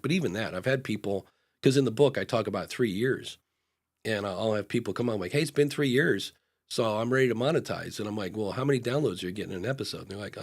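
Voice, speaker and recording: A man's voice: lowish voice, breathy edge. A man co-hosting a live podcast advice show, talking frankly in a loose, casual way with fillers and restarts, and acting out short dialogues in different voices. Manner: acts out little back-and-forth dialogues in changing voices. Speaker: podcast consultant and co-host.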